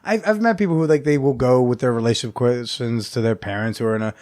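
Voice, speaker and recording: A man's voice: mid-range voice, a little mellow, no room sound, studio quality. Curious man hosting a podcast. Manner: curious, quick follow-up questions. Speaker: podcast host. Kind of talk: casual podcast interview.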